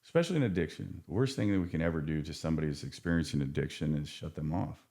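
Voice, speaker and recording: Man, addiction counselor; deep voice, frank and earnest, lots of restarts. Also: rapid-fire, creaky, dark tone. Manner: earnest, frank, with many restarts and casual swearing. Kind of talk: casual podcast conversation.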